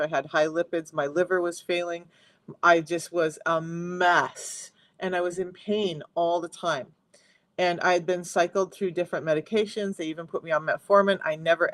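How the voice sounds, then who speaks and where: A man working as a health coach, talking chattily and emphatically straight to viewers in a live-stream sales pitch mixed with personal testimony, into a close phone mic. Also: a bit bright, no room sound.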